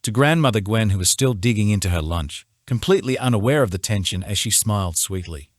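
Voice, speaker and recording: A man reads a romance novel in the first person with steady, measured storytelling. His voice sits very low. The studio recording is dry and close, with no room sound. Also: no room sound. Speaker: audiobook narrator. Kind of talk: scripted first-person narration.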